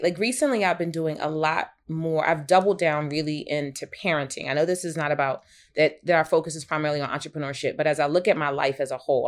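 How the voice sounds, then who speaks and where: A woman in her thirties co-hosting a casual podcast, telling a personal story expressively with big swings in pitch. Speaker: podcast co-host.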